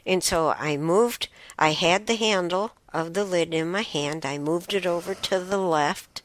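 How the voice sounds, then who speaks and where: Low-voiced, slow-talking woman storyteller. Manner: unhurried, chatty, with many restarts and fillers. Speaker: host. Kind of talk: casual storytelling.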